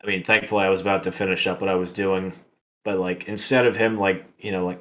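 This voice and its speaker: A man with a very low voice co-hosts a casual podcast. He tells stories in a laid-back way, full of likes, and his pitch barely moves. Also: little pitch movement, quick pace, fairly bright tone. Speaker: podcast co-host. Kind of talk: casual chat.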